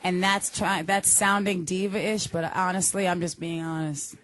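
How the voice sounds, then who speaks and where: A woman's voice: on the low side, steady tone, moderate pace, a bit bright, a little hiss or hum. A woman in her thirties, a guest singer talking casually in a radio studio interview, laughing often and full of "like" and "you know". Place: radio studio with a live audience.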